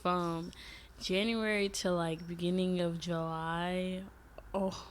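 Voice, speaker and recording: A young woman talks into a desk mic at home, looking back on a hard year. Her talk is loose and full of swearing, and her pitch leaps up whenever the feelings rise. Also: little pitch movement, slow pace, slight background noise. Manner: emotional, swears often, pitch jumps high when upset. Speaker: vlogger. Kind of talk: casual reflective chat to camera. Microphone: desk microphone.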